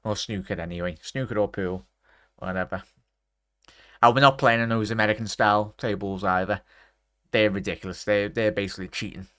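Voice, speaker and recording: Excitable man streaming football. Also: lowish voice, a little fast, no room sound, clean studio sound. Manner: chatty, bursts into excited shouts at chances; talks straight to his chat. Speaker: watchalong streamer. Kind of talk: live football watchalong commentary.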